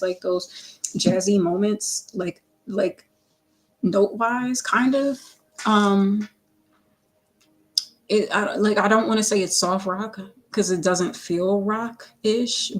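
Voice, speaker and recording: A woman who makes music, chatting casually on a livestream, rambling with lots of fillers, self-corrections and playful asides. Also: medium pitch. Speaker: singer-songwriter livestreaming her work.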